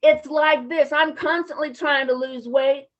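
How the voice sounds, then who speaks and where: High-voiced woman sharing her recovery story. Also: fairly even intonation, measured pace. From Champaign, Illinois area. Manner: frank, casual, emotional, peppered with "man". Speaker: recovery conference speaker. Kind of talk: personal recovery talk. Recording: muffled lo-fi conference audio.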